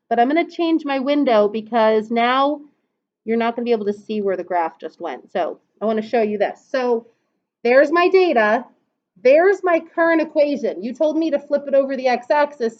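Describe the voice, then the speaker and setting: A woman teaching a math class, patiently walking through calculator steps and asking students questions. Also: high voice. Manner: patient, explains step by step and asks the class questions. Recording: dull lo-fi classroom recording.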